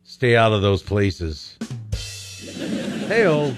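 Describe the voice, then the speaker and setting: A man's voice: mid-range voice, lively intonation, slow pace, long pauses, soft background music. A male radio host taking calls, cracking jokes and laughing often. His voice rises and falls a lot. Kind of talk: call-in radio banter.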